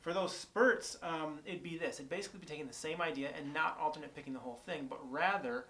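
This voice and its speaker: A man's voice: on the high side, quick pace, sharp tone. A young man casually explaining guitar picking technique, thinking aloud with plenty of fillers and restarts, recorded on an on-camera shotgun mic. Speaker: guitar teacher. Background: guitar playing between phrases.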